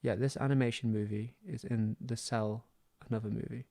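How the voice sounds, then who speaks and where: Here a young Southwest English streamer with a West Country accent chats casually on his livestream, rambling and self-deprecating into a close mic. His medium-pitched voice is warm and steady with some vocal fry, a little fast, and carries no echo.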